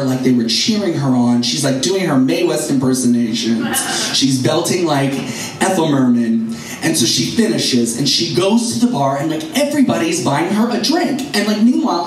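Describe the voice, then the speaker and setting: A man telling a funny personal story to a live audience, laughing through his lines. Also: mid-range voice. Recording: echoey room from a distance with noise.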